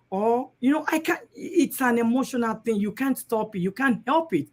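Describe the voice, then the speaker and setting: A woman's voice: on the high side, expressive, moderate pace. A woman giving a personal testimony in an emotional, heartfelt way. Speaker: guest speaker.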